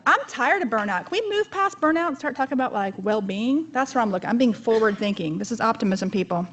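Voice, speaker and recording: A woman's voice: on the high side, animated, quick pace, a bit bright. Joking, chatty woman giving a keynote. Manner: joking, chatty and self-deprecating. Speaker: keynote speaker. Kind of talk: conference keynote talk.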